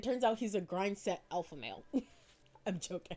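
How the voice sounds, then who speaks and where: A woman's voice: on the high side, animated, brisk, a little mellow. Giggly woman talking fan theories. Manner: bubbly, giggly, lots of fillers. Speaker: video essayist. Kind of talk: casual fan commentary.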